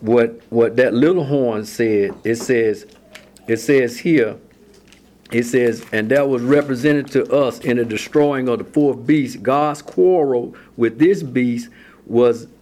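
A man leading a Bible study, who reads scripture slowly and repeats his words as he explains. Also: medium pitch, a little mellow.

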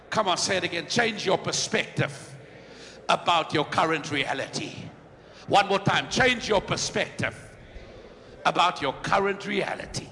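A man preaching a sermon, shouting refrains and leading the congregation in call-and-response. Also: high-pitched, in a large hall.

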